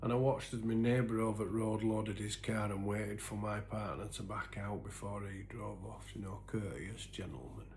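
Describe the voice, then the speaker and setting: Guy telling his recovery story, low gravelly voice, halting and earnest, faint hum behind. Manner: earnest, halting, with many restarts; sinks to a soft, breathy near-whisper at painful moments. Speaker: recovery vlogger. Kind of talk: personal confessional storytelling.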